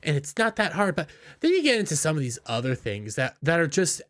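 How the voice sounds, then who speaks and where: A man's voice: on the high side, sing-song, brisk, fairly bright tone. A man giving opinionated commentary in an indignant, scornful, ranting manner. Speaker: YouTube commentator.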